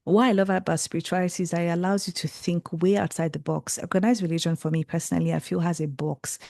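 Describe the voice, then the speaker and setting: A young Nigerian woman, a creative and tarot reader, is a guest in a casual interview, speaking in a low, creaky voice captured in clean, echo-free studio sound. Earnest and reflective yet animated, she often corrects herself and restarts her sentences.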